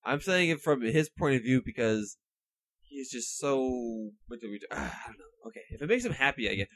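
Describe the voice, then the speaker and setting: A man's voice: mid-range voice, expressive, normal speed, fairly bright tone. A man co-hosting a casual comedy podcast, rambling and joking with lots of "like". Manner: rambling, jokey, full of "like". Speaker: podcast co-host.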